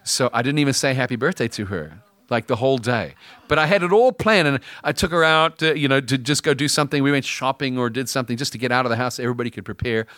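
A man's voice: medium pitch, quick pace, few pauses, fairly bright tone, no room sound. Man preaching in a casual storytelling tone. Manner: conversational storytelling, acts out dialogue. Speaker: pastor. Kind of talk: sermon.

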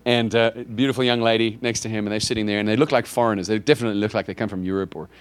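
A man's voice: lowish voice, racing, clean tone, dry recording. A man, a pastor, telling a personal story in a sermon and acting out the conversations in it. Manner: animated, acts out dialogue with God in raised voices.

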